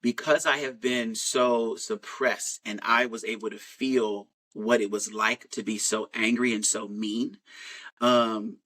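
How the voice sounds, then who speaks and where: Casting: candid male storyteller, mid pitch, loose rambling delivery. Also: bright, forceful tone, rough recording. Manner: rambling, frank, with many "like" fillers and restarts.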